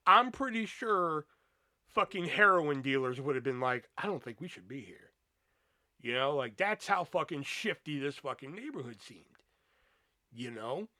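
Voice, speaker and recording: Animated, cursing young man telling stories. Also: on the high side, dry recording. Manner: profane, rambling, animated storytelling. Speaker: podcast host. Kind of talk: casual storytelling monologue.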